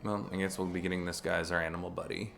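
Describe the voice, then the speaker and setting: A low-voiced man with a creaky, gravelly tone chats casually while streaming a video game. He rambles along, often restarting his sentences, while faint game music plays behind him. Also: flat delivery, racing, a bit bright. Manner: rambling, chatty, with frequent restarts.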